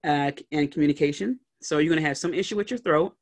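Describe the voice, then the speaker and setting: A woman's voice: low voice, quick pace, a little mellow. Woman talking straight to her podcast listeners, casual advice, lots of "okay?" check-ins, little acted bits. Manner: conversational, checks in often with "okay?" and "all right?"; acts out little scenes with brief put-on voices. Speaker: podcast host and life coach. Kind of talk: solo podcast talk, motivational advice.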